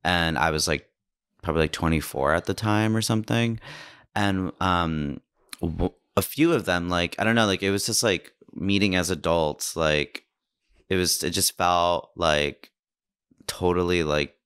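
Very low-voiced man rambling casually. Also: measured pace, fairly bright tone, clear, resonant tone, no echo, clean studio sound. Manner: rambling storyteller full of filler words. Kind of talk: casual podcast chat.

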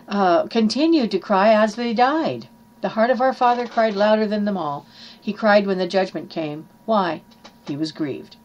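A woman's voice: medium pitch, a little mellow. A woman preaching a sermon in an earnest teaching manner, reading scripture aloud and explaining it.

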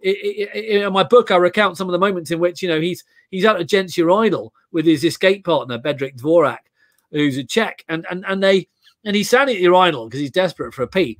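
A man's voice: high voice, fast talker, no room sound, clean studio sound. An English man talking as a guest historian in a casual chat, rambling with many restarts and fillers. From England. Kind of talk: casual video-call chat.

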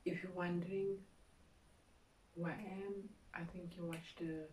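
A woman's voice: on the low side, little pitch movement, measured pace, a little mellow, slight background noise. Sassy swearing girl skit host. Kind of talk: comedy skit.

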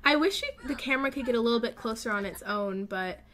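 A young woman giving casual gameplay commentary as a let's play host, gushing and excitable, often gasping. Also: a little high, fast talker, background noise.

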